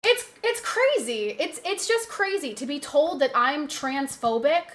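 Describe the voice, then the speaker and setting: Young woman streamer going off, bright sharp voice, big swoopy pitch, cussing a lot. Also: lively intonation, a little slow. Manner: heated, profane ranting. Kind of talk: casual chat on a live stream.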